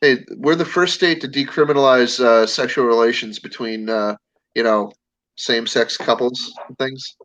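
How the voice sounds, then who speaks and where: A man's voice: medium pitch, moderate pace, fairly bright tone. A man chatting casually on a live stream, telling rambling stories full of fillers and restarts. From Connecticut. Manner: rambling storyteller, many fillers and restarts, acts out voices. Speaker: stream host. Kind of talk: casual chat. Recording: dull lo-fi stream audio.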